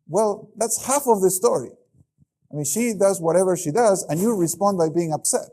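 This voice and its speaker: A middle-aged man giving a keynote lecture, animated and acting out the voices he quotes. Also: high voice, normal speed, a little hiss or hum. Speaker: keynote speaker.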